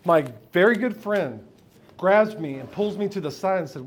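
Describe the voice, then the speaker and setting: A U.S. storyteller performs a frank, profane personal story at a live storytelling event before an audience, laughing along with them frequently. His voice is high and expressive at a moderate pace, with slight background noise.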